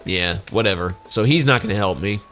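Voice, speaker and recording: A man's voice: on the low side, brisk, a bit bright, faint music behind. A man casually commenting on a video game as he plays, sarcastic and joking. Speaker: let's play host.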